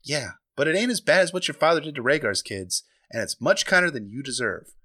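A man playing an honorable lord in a podcast recap, blunt and commanding, bright lively voice. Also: on the high side, brisk, dry recording. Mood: angry.

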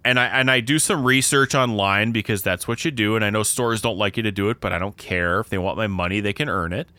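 A man talking casually as a podcast co-host, his voice bright and forward. He rambles and restarts, piling on asides before getting back to the point. The sound is dry and close. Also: lowish voice, quick pace, dry recording. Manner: rambling, self-interrupting storyteller. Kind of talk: casual chat.

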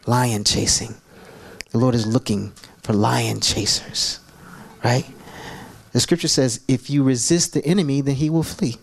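A man preaching a sermon as pastor, telling animated, jokey stories to his church. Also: mid-range voice, a little slow, gravelly, pauses often, breathy edge.

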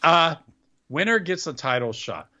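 Sarcastic man, lively lo-fi podcast voice. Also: fairly high pitch, unhurried. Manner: sarcastic, complaining, trips over words. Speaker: podcast co-host. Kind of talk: casual wrestling recap chat.

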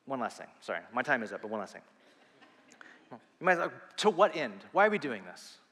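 A man preaching a sermon as pastor, earnest and animated, with quick asides and restarts. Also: medium pitch, long reverb tail.

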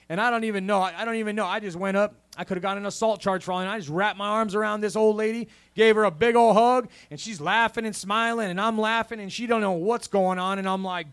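A man's voice: high-pitched, a little fast, a bit bright. A man preaching a sermon in a church, punctuating with a call of "amen?" and a rising preacher cadence. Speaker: pastor.

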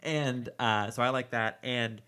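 A man's voice: mid-range voice, a little slow, pushed and bright, clean tone. A man hosting a podcast, chatting casually and rambling with fillers. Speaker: podcast host. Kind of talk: casual chat.

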